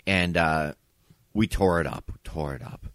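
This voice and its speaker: With a deep voice and a slightly slow pace, a podcast co-host tells a story during a casual chat over drinks at someone's home. He's an animated storyteller who acts out the quotes, and the studio-quality sound has no echo.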